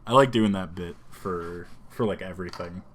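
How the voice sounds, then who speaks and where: A man co-hosting a casual streamed podcast, rambling and animated, often slipping into quick voice impressions. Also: sits low, slight background noise. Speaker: podcast co-host. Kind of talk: casual chat. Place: home streaming setup.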